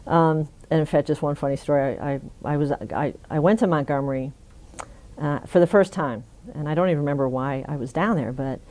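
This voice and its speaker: A woman's voice: low voice, brisk, a little mellow. A middle-aged woman in an oral history interview, telling a funny story with frequent laughs. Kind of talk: conversational storytelling.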